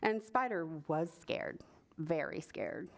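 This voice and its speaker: A woman, a children's librarian, reading a picture book at preschool story time, expressive and stopping to ask the children questions. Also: fairly low pitch, slow, gravelly.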